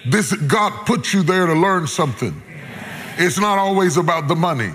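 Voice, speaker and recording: A middle-aged man preaching a sermon, moving between loud peaks and hushed lows. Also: expressive, measured pace. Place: large church hall before a congregation. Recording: long hall reverb, loud crowd noise.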